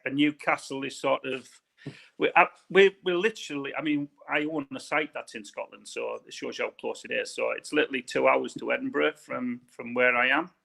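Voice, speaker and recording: A man's voice: medium pitch, a little fast, gravelly, bright, forceful tone. A man from northern England with a northern English accent, chatting casually as an interview guest and rambling with repeated words.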